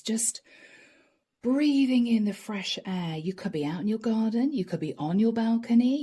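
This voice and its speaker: This tarot reader is a middle-aged woman with a medium-pitched, mellow voice carrying a breathy edge. Talking directly to her audience in a chatty way, she delivers a channeled tarot reading to camera.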